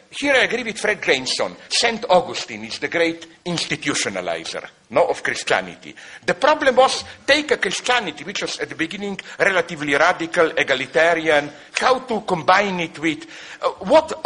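Man, lecturer; animated, digressive delivery with constant self-corrections; husky and bright. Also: sits high. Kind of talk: public lecture with Q&A.

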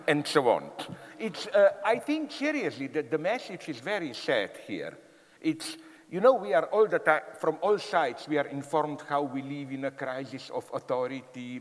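Animated man lecturing in a reverberant hall. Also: fairly high pitch. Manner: animated, emphatic, with frequent fillers and restarts. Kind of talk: public lecture.

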